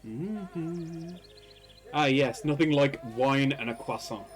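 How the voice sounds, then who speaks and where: A man's voice: on the high side, drawn-out words, pauses often, soft background music. A man streaming a game, joking and laughing often as he comments. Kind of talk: casual let's-play commentary.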